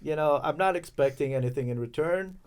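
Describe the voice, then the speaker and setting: A man from Los Angeles speaking as a podcast guest in casual, halting talk with many fillers and restarts. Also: fairly high pitch, clean tone. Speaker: podcast guest, chamber of commerce president. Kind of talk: casual interview chat.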